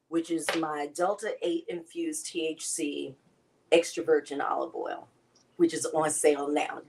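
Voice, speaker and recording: A woman's voice: deep voice, rough recording. A woman, chatting to viewers as she hosts a casual cooking demonstration. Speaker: cooking show host.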